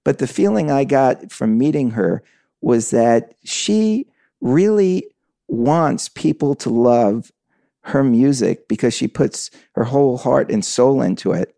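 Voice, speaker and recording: A man's voice: medium pitch, expressive, slow, creaky, mellow, no room sound, studio quality. A man interviewing a guest, asking reflective and probing questions.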